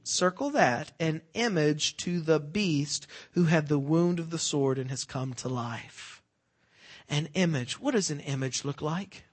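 A man with a fairly high-pitched voice delivers a sermon. He quizzes his listeners with fill-in-the-blank questions. He drops to a hush and then rises to loud, emphatic preaching. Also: measured pace, slightly rough. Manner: swings between hushed and loud emphatic preaching.

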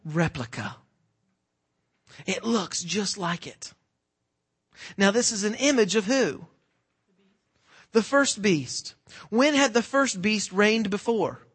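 A man preaching a sermon, quizzing the congregation with fill-in-the-blank questions and swinging between hushed and loud, emphatic delivery. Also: high voice, animated, takes it slowly, long pauses, slightly rough.

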